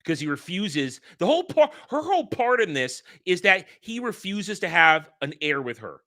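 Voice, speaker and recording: A man hosting a casual film discussion, animated and profane, rambling through his points. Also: high voice, normal speed. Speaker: podcast host.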